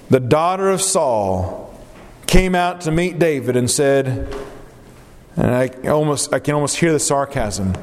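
A man's voice: mid-range voice, darkish tone. A male preacher delivering a sermon, stretching out phrases for emphasis and asking his listeners rhetorical questions. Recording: long reverb of a hall.

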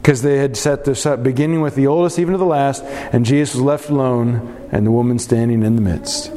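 A man's voice: medium pitch, fairly quick, mellow, long reverb tail, a little hiss or hum. A man leading a Bible study group, teaching earnestly and putting questions to the group.

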